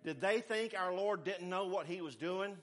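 A man preaching a sermon, emphatic, swinging between hushed asides and forceful exhortation. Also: high voice, moderate pace.

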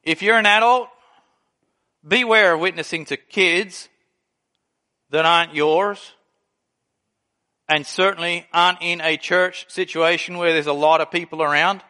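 A man with a high, bright voice preaches a sermon. He tells stories animatedly and slips into the voices of the people in them. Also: a little slow, pauses often. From Australia. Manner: animated storytelling, acts out quoted people. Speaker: pastor.

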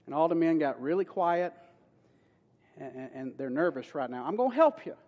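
A man's voice: fairly high pitch, sing-song, normal speed, a little mellow. A man pastor preaching a sermon in a church, folksy and playful with sudden emphatic bursts. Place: church sanctuary. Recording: long hall reverb.

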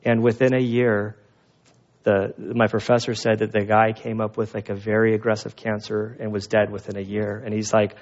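A pastor giving a sermon, telling stories in a conversational, animated way. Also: male voice, fairly low pitch, normal speed, dull audio. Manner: conversational storytelling with animated asides.

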